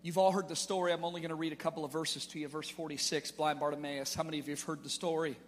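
A man's voice: fairly high pitch, flat delivery, racing, slight background noise. A man pastor preaching a sermon in emphatic style, calling out to his congregation in a church sanctuary. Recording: long reverb of a church hall.

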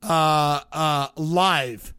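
A man's voice: a little high, fairly even intonation, drawn-out words, bright, forceful tone, clear, resonant tone, no echo, studio quality. Teasing middle-aged man bantering. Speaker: podcast co-host. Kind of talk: casual chat.

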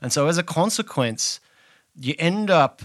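A man's voice: a little high, lively intonation, unhurried, fairly bright tone, no echo, clean studio sound. A man chatting on a podcast, rambling with many restarts. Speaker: podcast co-host. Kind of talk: casual podcast chat.

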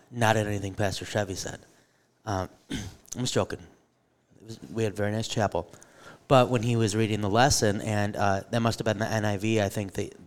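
A man's voice: lowish voice, clean tone. A man co-hosting a live podcast, telling stories animatedly with a joking, self-deprecating humor. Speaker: podcast co-host, theology teacher. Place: live event before an audience.

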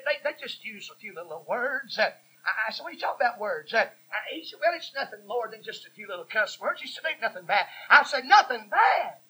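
A man preaching a sermon, telling stories in a folksy, emphatic way that sometimes drops to a hush. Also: high-pitched, husky, low-quality recording. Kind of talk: sermon storytelling.

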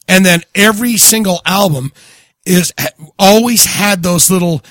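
A man co-hosting a podcast, chatting in a relaxed, jokey way with casual swearing. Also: high voice, normal speed, no room sound. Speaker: podcast co-host. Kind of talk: casual chat.

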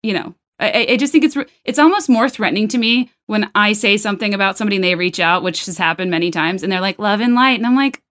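A woman's voice: mid-range voice, fast, few pauses, a bit bright. A woman hosting a casual podcast chat, asking chatty questions and laughing along. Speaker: podcast host.

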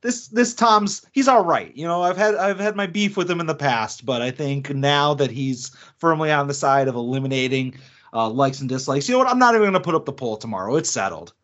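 A man co-hosting a casual podcast, with a fairly high voice that swings up and down a lot as he talks. He is playful and laughs often. The sound is slightly dull and lo-fi. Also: animated, brisk, fairly bright tone. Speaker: podcast co-host.

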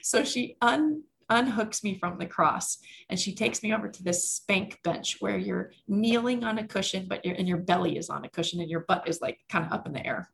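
A woman, a healer and coach, telling a personal story as a podcast guest, animated and speeding up when excited. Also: mid-range voice, gravelly, slight background noise. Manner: talks fast when excited.

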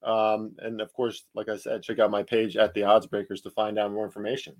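A man's voice: lowish voice, completely flat delivery, a little fast, darkish tone. A man with a New Jersey accent hosting a solo sports betting podcast, talking emphatically with rhetorical questions and fillers.

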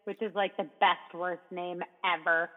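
A woman's voice: lowish voice, level tone, unhurried. A woman co-hosting a casual chat, enthusiastic and rambling, heard over a tinny line. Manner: enthusiastic, rambling, many fillers. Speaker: co-host. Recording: tinny phone-like line with long reverb.

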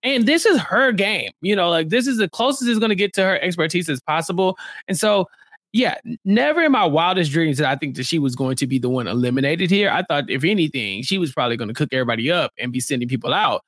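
Male podcast co-host, high and very lively voice, casual recap chat, dry close sound. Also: fast talker, no room sound. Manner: animated, acts out quotes in exaggerated voices.

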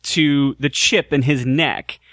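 A man's voice: mid-range voice, fairly even intonation, slow pace, a bit bright, no echo, studio quality. A man playing in a tabletop game, eagerly explaining his character's plans in long run-on sentences. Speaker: player. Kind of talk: tabletop role-play chat.

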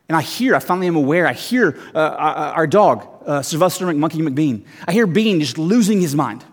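A man in his thirties, a guest preacher, telling a story in a sermon with lively, self-mocking restarts. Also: a little high, a little fast, hardly any pauses. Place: church hall. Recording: long hall reverb.

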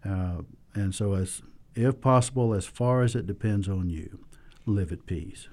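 A man's voice: low-pitched, unhurried, darkish tone. A man teaching a Bible study lesson, hesitant, with frequent fillers and restarts.

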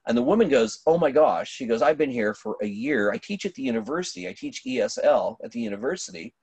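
A middle-aged man, a pastor, telling a story in conversation, animated, with many restarts and fillers. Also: medium pitch, fast, gravelly, husky, dry recording.

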